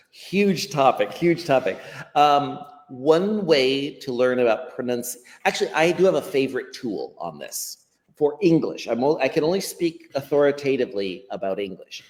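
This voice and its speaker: An American man, a language educator, explaining pronunciation in an interview in a lively teacherly way. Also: mid-range voice, measured pace, big-room sound. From United States. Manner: animated teacherly explaining, acts out quotes. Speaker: ESL educator, guest.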